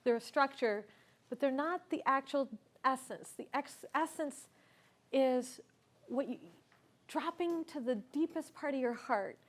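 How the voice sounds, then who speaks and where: Woman, high pitch, conference speaker, earnest, reflective storytelling. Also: unhurried. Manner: earnest, reflective, asks the audience questions. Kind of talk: personal storytelling talk. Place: conference stage.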